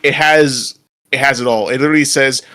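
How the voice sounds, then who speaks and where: With a mid-range voice that is bright and forceful, fairly even in intonation and brisk in pace, a man co-hosts a podcast. He chats casually and rambles, laughing frequently and restarting his sentences.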